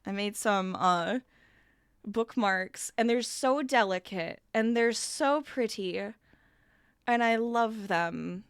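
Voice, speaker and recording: A woman's voice: medium pitch, takes it slowly, clean tone, dry recording. A woman hosts a casual crafting livestream and chats with her viewers while she works. Her voice is a little scratchy as she recovers from being sick. The sound is dry and close to the mic. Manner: chatty, reads chat aloud, laughs often. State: slightly scratchy voice, recovering from illness. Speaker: streamer.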